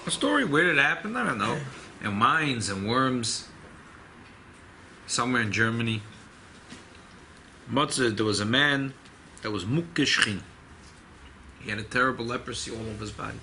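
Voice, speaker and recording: Rabbi leading a class, gravelly voice with a bright edge, animated storyteller, faint hiss behind. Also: male voice, medium pitch. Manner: animated storyteller, mixing Hebrew and Yiddish terms. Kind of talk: informal Torah class with storytelling.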